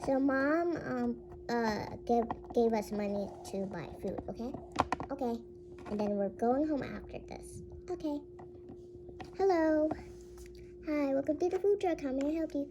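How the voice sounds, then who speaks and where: Kid voice actor, girl, high and bouncy, slow delivery, plays every toy in the scene; noisy home mic. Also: dull audio. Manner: switches between many character voices, excitable squeals. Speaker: toy play storyteller voicing all characters. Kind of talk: playful pretend play with toys.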